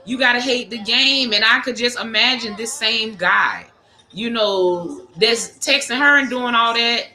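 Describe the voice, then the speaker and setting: A woman's voice: fairly high pitch, unhurried, sharp tone. A woman hosting a casual livestream chat with viewers, talking frankly with lots of cursing and laughter. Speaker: livestream host. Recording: echoey room with music behind.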